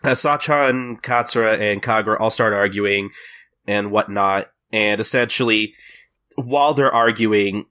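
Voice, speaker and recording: A man hosting a podcast, retelling a manga chapter in casual chat and slipping into quick character voices. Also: on the low side, bright, forceful tone, clear, resonant tone. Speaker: podcast host.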